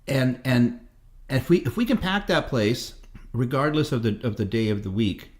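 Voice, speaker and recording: A man's voice: medium pitch, lively intonation, normal speed. Rambling man in his fifties. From Canada. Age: 50s. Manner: profane, rambling storyteller. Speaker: guest musician. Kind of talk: casual interview chat.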